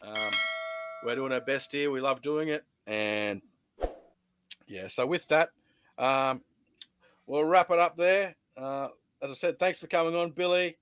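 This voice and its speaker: A man's voice: mid-range voice, measured pace, long pauses, a little hiss or hum. Australian man hosting a podcast. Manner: relaxed with many fillers. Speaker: podcast host. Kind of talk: wrapping up a podcast.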